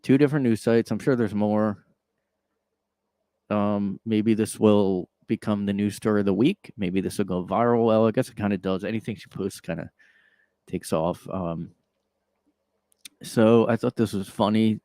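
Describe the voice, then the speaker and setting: A man's voice: fairly low pitch, fairly even intonation, moderate pace, pauses often, dark tone, no echo. A man hosting a solo podcast from his own room, rambling through casual commentary in a sarcastic tone with lots of filler words. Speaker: podcast host.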